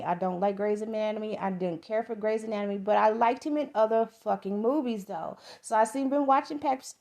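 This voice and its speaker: A woman's voice: a little high, vocal fry, darkish tone. A middle-aged woman from the American South with a Southern accent, giving a rambling, profane, enthusiastic movie review as a podcast host.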